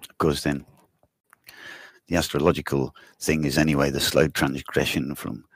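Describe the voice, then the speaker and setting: A man with a very low voice rambles through a casual chat, laughing and swearing as he goes. His tone is husky and rough, and the recording sounds dry and close. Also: steady tone, a little slow, no echo. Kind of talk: casual conversation.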